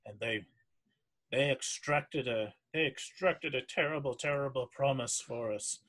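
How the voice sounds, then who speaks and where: A man voicing a frightened male sailor who stammers nervously in a husky voice. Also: mid-range voice, measured pace, fairly bright tone. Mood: fearful. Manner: stammering, fearful.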